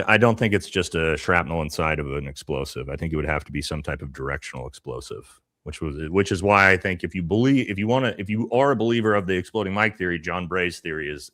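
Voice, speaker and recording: A man with a deep, low voice talks bluntly on a live stream panel. He builds up emphasis as he argues his points. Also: a bit bright. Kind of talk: casual live-stream commentary.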